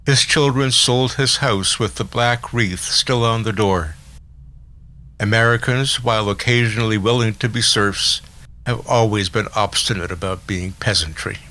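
A man narrates a novel in the first person, measured and literary. His voice sits low but carries a bright, forceful tone. It is a steady, scripted audiobook reading. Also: low-quality recording.

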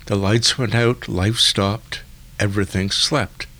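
A man narrating a literary story in a measured, deliberate way. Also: on the low side, fairly even intonation, pushed and bright. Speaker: audiobook narrator.

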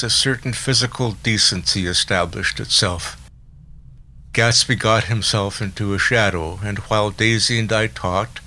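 A man reading a novel aloud as an audiobook narrator, in a measured, literary first-person style. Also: fairly low pitch, pushed and bright, rough recording. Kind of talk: scripted narration.

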